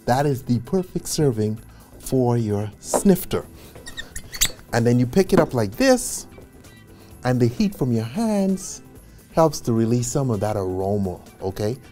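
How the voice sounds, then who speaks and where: A man giving an instructional bartending lesson, chatty and animated, who often checks in with a quick "okay?" and adds joking asides. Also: medium pitch. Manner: casual and chatty, with asides and small laughs.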